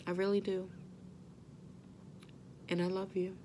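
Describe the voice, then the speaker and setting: A mother vlogging straight to her viewers, earnest and gentle, reassuring them that they are not alone. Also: mid-range voice, flat delivery, takes it slowly, slight background noise. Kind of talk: heartfelt direct-to-camera talk.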